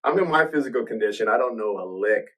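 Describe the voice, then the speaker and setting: A podcast host tells a personal story quickly in an expressive, mid-range, fairly bright voice. He rambles casually, restarts often, and acts out quoted voices, all captured on a rough recording from a distant mic.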